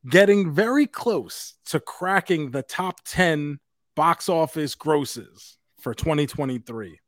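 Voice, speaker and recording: A male podcast co-host with a voice a little higher than average, recorded dry and close. He talks in relaxed, chatty banter, now and then dropping a swear word. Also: slow, no room sound. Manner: chatty, relaxed, occasionally profane. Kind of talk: casual chat.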